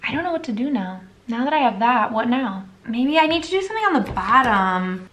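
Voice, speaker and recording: A woman's voice: a little high, very animated, a little fast, slight background noise. A young woman chatting casually at home through a makeup tutorial, rambling and now and then baby-talking to her dog. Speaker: makeup vlogger.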